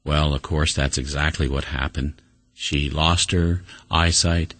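A male preacher delivering a sermon in a deep, husky voice. He tells the story earnestly, pushing some words up high with emphasis and letting others sink to a soft, low murmur. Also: dry recording.

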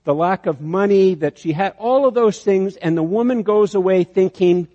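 A man preaching in a large hall with a long reverb trailing each phrase. His voice sits a little high yet sounds mellow and relaxed, and the recording is muffled and lo-fi. He tells his story with frequent restarts, rising to emphatic peaks. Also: moderate pace. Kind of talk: sermon.

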